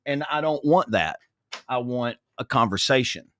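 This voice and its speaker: A man's voice: mid-range voice, expressive, normal speed, fairly bright tone, no room sound, studio quality. A man in his forties, a radio DJ, chatting on a podcast in an easygoing, talkative way. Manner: easygoing, talkative, laughs readily. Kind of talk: casual chat.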